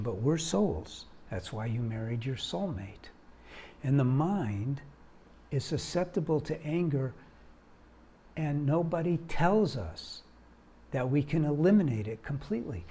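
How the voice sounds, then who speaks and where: A man's voice: mid-range voice, husky. A man who founded a marriage organization, giving earnest, emphatic advice straight to the viewer. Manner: earnest, emphatic, rising into animated urging. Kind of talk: direct-to-camera advice talk.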